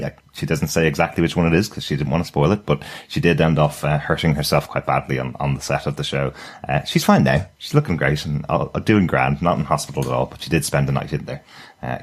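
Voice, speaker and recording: A man with an extremely deep voice co-hosts a casual podcast. He explains his points in a steady, measured way. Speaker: podcast co-host. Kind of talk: casual review chat.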